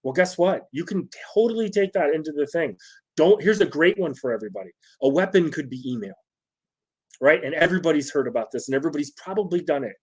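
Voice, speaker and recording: A man's voice: fairly high pitch, animated, fast talker, breathy edge. Chatty man giving a leadership talk. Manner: conversational, frequent "right?" tags, restarts. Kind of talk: casual solo talk to viewers. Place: home setup with phone nearby.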